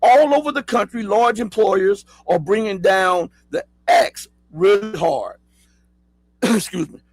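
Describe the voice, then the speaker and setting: A middle-aged man with a Southern accent hosts his own talk show. His voice sits high and a little husky, and the room around it is dry. He reads an article aloud and keeps breaking off to ask his viewers questions. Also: takes it slowly, dry recording, faint music behind, rough recording. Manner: talks straight to viewers, asks rhetorical questions, spells words out. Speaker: host. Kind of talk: casual commentary, reading an article aloud.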